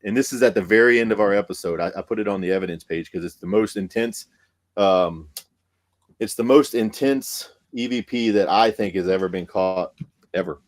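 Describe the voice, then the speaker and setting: Man, low voice, excited, profane, lots of fillers, casual podcast guest. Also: normal speed. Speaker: paranormal investigator guest.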